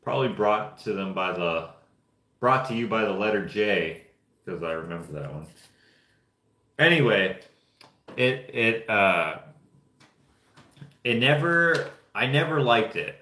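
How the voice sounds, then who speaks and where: A lower-voiced young man from Canada, talking in a loose, rambling way while he paints. His voice bounces around an echoey room. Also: expressive, unhurried, pauses often, bright, forceful tone. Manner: rambling, offhand storytelling while painting figures. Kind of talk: casual chat. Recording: roomy echo.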